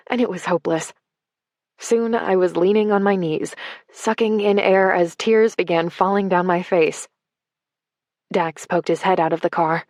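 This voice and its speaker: A woman's voice: lowish voice, a little mellow, no room sound. A woman narrating a romance audiobook in the first person, in a wry storytelling manner on a close mic.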